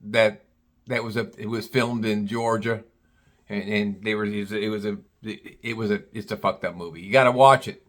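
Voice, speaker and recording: A man's voice: lowish voice, steady tone, moderate pace, a bit bright. A man telling a casual personal story, rambling with many restarts and blunt swearing.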